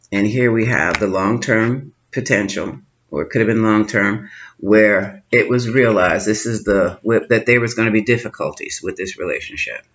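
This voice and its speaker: A man doing a tarot card reading, musing and thinking aloud with pauses, recorded at home. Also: fairly low pitch, fairly bright tone. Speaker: tarot reader. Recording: slightly dull lo-fi sound with faint noise.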